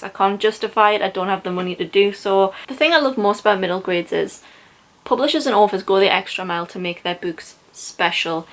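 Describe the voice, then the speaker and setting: A woman's voice: medium pitch, a bit bright. A young woman in a casual book haul vlog, talking in a gushing, enthusiastic way about gifts from friends. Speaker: book vlogger.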